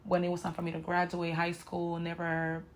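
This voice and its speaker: Frank, emotional woman vlogger, lowish voice. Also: monotone, normal speed, a little hiss or hum. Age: 20s. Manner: emotional, frank, talks straight to viewers with "y'all" and "you know". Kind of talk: candid personal story told to camera.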